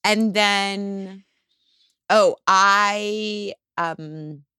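A woman's voice: medium pitch, drawn-out words, pushed and bright, smooth, no room sound, clean studio sound. A woman co-hosting a casual podcast chat, candid and self-mocking, with casual swearing. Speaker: podcast co-host.

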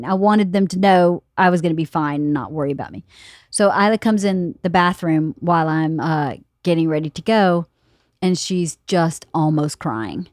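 Podcast host, fifties woman, lively storyteller who laughs a lot; dry close mic. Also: on the low side, normal speed, dry recording. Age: 50s. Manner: animated storyteller, laughs often, quotes others. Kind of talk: casual chat.

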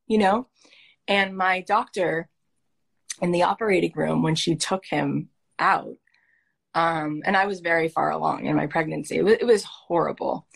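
Earnest woman coach, heartfelt and animated. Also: low voice, normal speed, gravelly, breathy edge. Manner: earnest, emotional, animated storytelling. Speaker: life coach and host.

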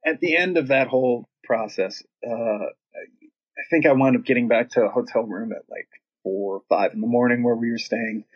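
A middle-aged man with a husky, slightly breathy voice tells a sprawling story in a relaxed interview. He rambles and swears freely, jumping into other people's voices as he goes. The audio is dull and lo-fi. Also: mid-range voice, normal speed. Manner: rambling, profane, animated when quoting himself and others. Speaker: guest, rock singer.

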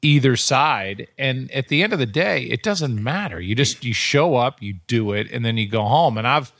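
A man's voice: mid-range voice, animated, normal speed, gravelly, fairly bright tone, no echo. A man who works in sports broadcasting, talking on a podcast in casual chat, rambling and repeating words as he goes.

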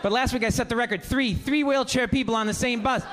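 A man with a very high, light voice works a comedy club crowd, firing off punchy jokes. The recording is noisy, with laughter rolling in behind him. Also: fairly even intonation, fast talker, a bit bright. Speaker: stand-up comedian. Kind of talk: stand-up set. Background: audience laughter.

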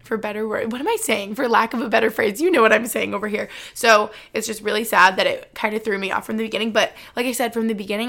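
A woman's voice: a little high, vocal fry, a bit bright. A young adult woman vlogger chatting casually to camera, giving earnest advice and saying "like" often.

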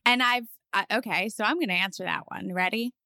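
A woman's voice: mid-range voice, a little fast, bright, forceful tone, dry recording, studio quality. A woman co-hosting a podcast in casual chat, earnest and reflective as she explains her view. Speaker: podcast co-host.

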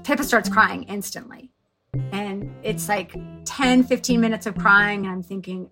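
Chatty woman with a gravelly voice. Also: mid-range voice, a little slow, music in the background. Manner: animated, chatty, many fillers like "like". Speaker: guest, author and mother. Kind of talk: storytelling in a podcast interview.

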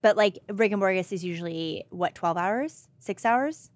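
A woman's voice: medium pitch, normal speed, no room sound, clean studio sound. A woman co-hosting a podcast, reacting with short comments and questions. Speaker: podcast co-host. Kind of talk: casual chat.

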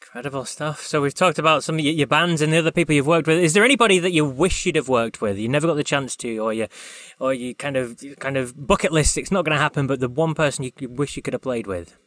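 A man hosting an interview, asking quick, rambling questions with several restarts. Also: fairly high pitch, a bit bright, no room sound. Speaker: interview host. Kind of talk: casual interview.

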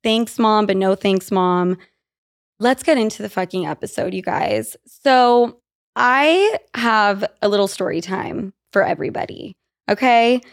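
A young woman from Utah hosts a podcast of casual chat, telling stories as she goes, swearing freely and laughing. Her mid-range voice is creaky and unhurried.

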